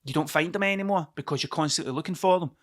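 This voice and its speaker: Speaking rapid-fire in a slightly high voice, a Scottish man hosts his own podcast alone. He drifts casually from point to point, swearing freely.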